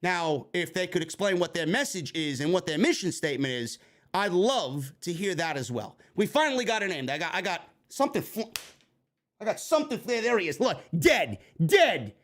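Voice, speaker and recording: Host: excitable man from New York, foul-mouthed casual commentary, voice high and animated. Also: normal speed. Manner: excitable, swears constantly, bursts into shouting. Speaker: wrestling review livestream host. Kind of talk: casual profane live commentary.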